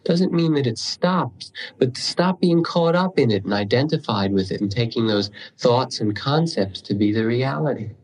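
A man giving a dharma talk as a meditation teacher, telling stories unhurriedly with pauses and the odd throat clearing. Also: medium pitch, lively intonation, darkish tone, low-quality recording.

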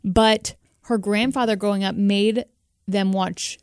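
A woman's voice: mid-range voice, steady tone, takes it slowly, a little mellow, clear, resonant tone, dry recording. Chatty woman, dry close mic. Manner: chatty and gushing, laughs often. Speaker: podcast co-host. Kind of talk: casual chat.

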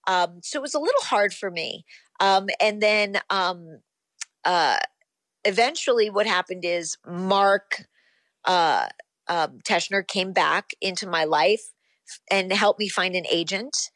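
A woman in her fifties speaks at a middle pitch, musing and rambling, dotting her sentences with ums and you-knows. Her voice is close and dry, with no room sound. She talks as an actress guest in a relaxed chat. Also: slow pace, no room sound. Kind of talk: casual interview.

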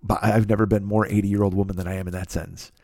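A man's voice: fairly low pitch, level tone, rapid-fire, warm tone, no echo. Man ranting with profane sarcasm, dry sound. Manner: rambling, sarcastic, swears often, puts on silly voices. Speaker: podcast host. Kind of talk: profane comedic rant.

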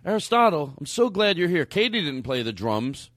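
Animated man telling a comic story. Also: on the high side, normal speed. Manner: animated storytelling with lots of fillers. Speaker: podcast host. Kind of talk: comedy podcast banter.

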